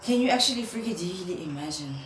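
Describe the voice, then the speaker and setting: A young woman, a vlogger, roasting someone in a mocking, animated rant to camera and laughing at her own jokes. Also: fairly low pitch, fast talker. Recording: roomy echo, faint background hum.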